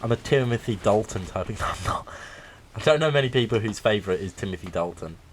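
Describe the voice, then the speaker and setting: A man's voice: fairly low pitch, lively intonation, fairly quick, slight background noise. A man co-hosting a comedy podcast, chatting casually, swearing freely and acting out film scenes in silly voices. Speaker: podcast co-host.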